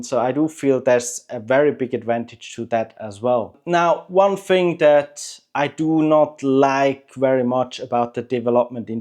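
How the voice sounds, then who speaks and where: A man hosting a book channel, talking to camera in a relaxed, chatty way with frequent hesitations and clear opinions. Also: mid-range voice. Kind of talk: casual talk to camera.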